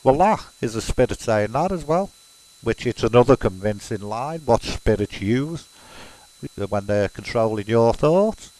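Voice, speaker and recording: A man's voice: medium pitch, animated, unhurried, mellow, low-quality recording. A man from Liverpool with a Scouse accent, talking in a rambling casual monologue full of fillers and restarts as a self-described medium. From Liverpool, England.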